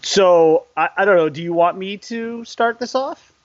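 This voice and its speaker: A man co-hosting a casual live stream, excitable and quick to laugh, often trailing off mid-sentence. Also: high-pitched. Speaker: co-host of a live stream show. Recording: dull, lo-fi stream audio.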